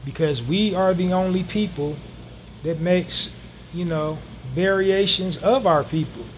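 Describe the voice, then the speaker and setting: A man's voice: high voice, unhurried, a little hiss or hum. A man hosting a solo podcast monologue, speaking earnestly and repeating phrases for emphasis, with frequent ums. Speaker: podcast host.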